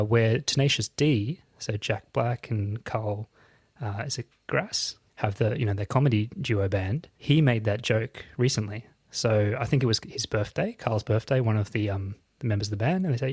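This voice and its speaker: A man's voice: lowish voice, normal speed, darkish tone, dry recording. A man co-hosting a podcast, telling anecdotes in casual political chat and checking in with "right?". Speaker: podcast co-host.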